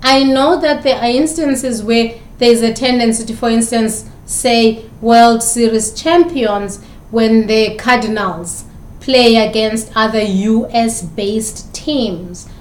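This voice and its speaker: South african lady teaching, keeps asking pointed questions, bit high pitched, roomy echo. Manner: probing rhetorical questions, deliberate emphasis. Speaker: communication instructor. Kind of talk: recorded lecture commentary.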